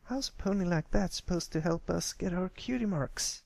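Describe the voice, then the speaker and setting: A bold young pegasus filly, voiced by a man reading a fan story aloud, blunt and skeptical in her words. The voice sits well above a man's usual range, with a gravelly edge and a soft level. The homemade recording is dry and close. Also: high voice, normal speed, dry recording, voice pushed up. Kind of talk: fanfiction audiobook reading. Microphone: home recording, close mic.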